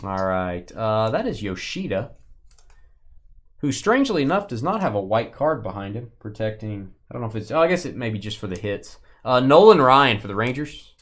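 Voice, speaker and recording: The host of a live card break stream opens sports cards, chatting, joking and naming viewers as he goes. His voice is on the low side and fairly bright, with big pitch swings at a moderate pace.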